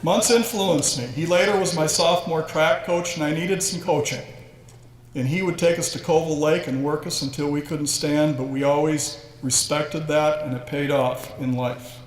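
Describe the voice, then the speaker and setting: A man's voice: on the high side, fairly even intonation, moderate pace. A man in his sixties giving a humorous, self-deprecating induction speech full of stories. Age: 60s. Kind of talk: storytelling speech. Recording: echoey hall with faint ambience.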